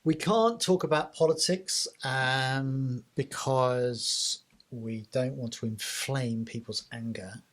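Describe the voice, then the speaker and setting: A man's voice: medium pitch, takes it slowly, a bit bright. A man co-hosting a podcast, chatting casually and jokily, often restarting his sentences. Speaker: podcast co-host. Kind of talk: casual chat.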